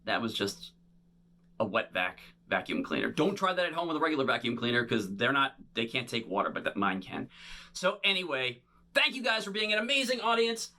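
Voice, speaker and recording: A man performing a bubble show for children, talking to them in playful, animated patter. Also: mid-range voice, fairly quick. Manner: animated, playful, talks straight to kids.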